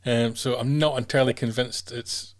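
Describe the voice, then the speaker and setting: A man's voice: mid-range voice, fairly even intonation, moderate pace. A man hosting a live fan news show, easygoing, with ums and restarts. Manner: easygoing, hesitant with ums and repeats. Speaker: podcast host. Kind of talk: casual news show chat.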